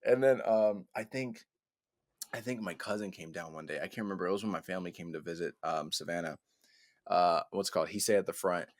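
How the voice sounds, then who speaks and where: A young man in his twenties, co-hosting a podcast and telling a story in casual chat, animated, laughing and repeating "I was like". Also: low-pitched, brisk, no room sound, studio quality. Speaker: podcast co-host.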